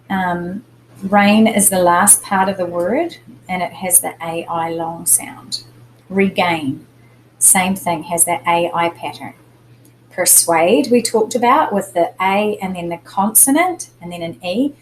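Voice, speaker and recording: A woman's voice: mid-range voice, a little hiss or hum, rough recording. Patient woman teacher explaining spelling. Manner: patient, explains step by step, stresses syllables. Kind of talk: recorded spelling lesson for students.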